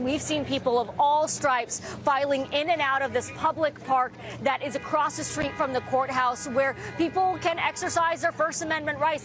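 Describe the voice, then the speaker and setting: A female reporter giving a quick, energetic live report from outside by a courthouse park. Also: high-pitched. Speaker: field reporter. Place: outdoors near a courthouse park. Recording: outdoor live feed with crowd noise.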